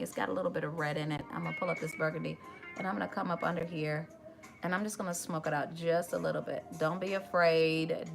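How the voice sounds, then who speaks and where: Emotional fifty-year-old woman, bright voice. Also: on the low side, vocal fry. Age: 50s. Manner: chatty, emotional, addresses viewers as y'all. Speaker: makeup tutorial host. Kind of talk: casual makeup tutorial talk.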